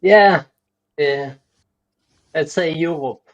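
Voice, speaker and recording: A man's voice: on the high side, drawn-out words. A man from Israel joining a livestream as a guest, chatting casually. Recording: muffled call-in audio.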